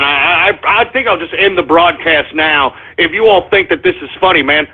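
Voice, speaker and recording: A man's voice: fairly high pitch, normal speed, hardly any pauses, breathy edge. Exasperated ranting male radio host, tinny. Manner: exasperated, ranting, yells "shut up" at listeners. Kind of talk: live call-in radio show, reading listener shout-outs. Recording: tinny phone-like lo-fi audio.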